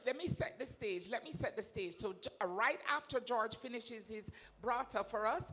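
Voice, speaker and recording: A woman's voice: fairly high pitch, moderate pace, a bit bright. A woman hosting a live telethon, upbeat and urging viewers to give. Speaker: telethon host. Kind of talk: live fundraising presenting.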